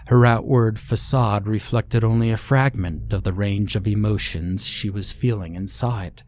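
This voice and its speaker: A man reading a horror story aloud in slow, measured scripted narration. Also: on the low side, a little mellow, slight background noise.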